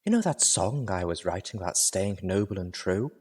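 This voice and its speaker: A man's voice: deep voice, expressive, normal speed, darkish tone, slightly rough. A man voicing an indignant, refined female pony singer who scolds dramatically.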